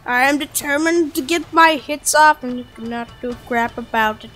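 Playful young woman, higher voice, gaming chatter. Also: normal speed. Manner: jokey, talks to herself, bursts into loud outbursts. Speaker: gaming streamer. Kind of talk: casual gameplay commentary. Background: game music.

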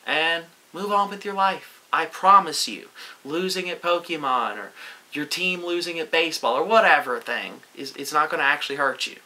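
Vlogger, male, bright forceful voice, sarcastic gloating delivery, casual monologue. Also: fairly high pitch, moderate pace, rough recording.

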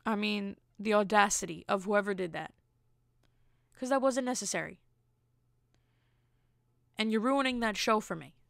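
A woman's voice: medium pitch, normal speed, creaky, long pauses, dry recording, studio quality. A young woman hosting a solo podcast, telling a dating story bluntly and acting out the quotes as she goes. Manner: animated, acts out quotes. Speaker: podcast host. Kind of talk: casual solo podcast monologue.

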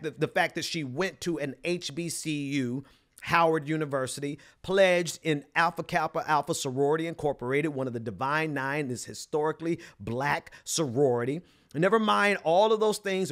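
A man with a softened Southern accent delivers political commentary from a host's chair. He is emphatic and scornful and often restarts his sentences. His voice sits a little high for a man. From Mississippi, US South.

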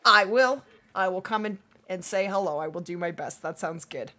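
A woman hosting a hunting-game livestream, chatting casually with viewers and reading their messages aloud, her voice going hoarse from days of streaming. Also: on the low side, sharp tone. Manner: upbeat, chatty, reads chat aloud, quick to laugh. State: losing her voice. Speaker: livestream gaming host. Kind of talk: casual livestream chat while playing.

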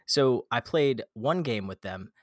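A man telling a gaming story in a casual podcast chat, animated, swearing often and acting out quotes. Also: mid-range voice, a little slow, no echo, clean studio sound. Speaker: podcast guest.

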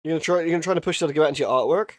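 A man's voice: fairly high pitch, racing. A young man chatting casually while live-streaming a horror game, joking, swearing and laughing often.

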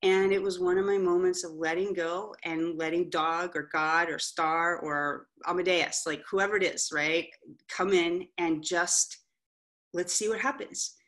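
Candid, lively middle-aged woman speaker. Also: lowish voice, measured pace. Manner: candid, animated storytelling with frequent "right?" asides. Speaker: author and coach, guest speaker. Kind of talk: motivational talk to an audience.

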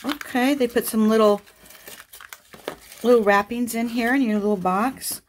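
A woman crafting vlogger chatting casually through an unboxing, gushing with excited exclamations. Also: on the high side, moderate pace, slight background noise.

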